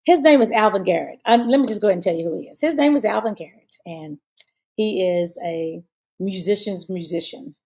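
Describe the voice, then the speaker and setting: A woman's voice: medium pitch, brisk, a little mellow. A woman hosting her own talk show, chatting casually and rambling with many fillers and restarts. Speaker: show host. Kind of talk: casual live-show chat.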